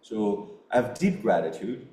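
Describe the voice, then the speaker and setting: A middle-aged man, a podcast guest, telling a personal story in an earnest, halting way with many restarts. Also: on the low side, sing-song, mellow. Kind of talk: storytelling in a casual interview. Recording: roomy echo.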